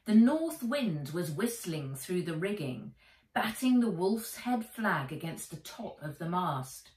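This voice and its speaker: A woman author reading her children's book aloud in an expressive, animated way, recording in a small shed. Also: fairly low pitch, slow pace. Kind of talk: storybook read-aloud. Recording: echoey room, mic a bit distant.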